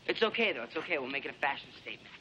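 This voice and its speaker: An actor playing a wisecracking, mocking high school boy in a film scene. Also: animated, racing, pushed and bright, lo-fi sound. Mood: teasing. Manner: jokey, teasing, then soothing. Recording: film audio with faint background noise.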